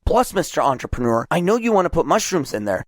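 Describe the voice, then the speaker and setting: A man plays a practical, level-headed male restaurant manager, firm and matter-of-fact. He talks quickly, with a lively lilt, in a close, dry sound. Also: on the high side, dry recording. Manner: firm, practical, laying out steps.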